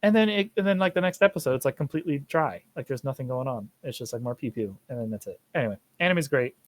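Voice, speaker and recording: A man's voice: mid-range voice, quick pace. A young man hosting a casual podcast chat, rambling and swearing as he talks. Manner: rambling, profane, animated. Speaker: podcast host.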